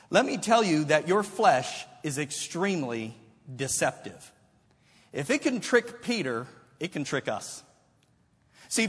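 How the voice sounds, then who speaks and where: A male preacher delivers an animated sermon with a high, husky voice. He moves between scripture readings and casual paraphrase. His voice rings out with the long reverb of a large hall.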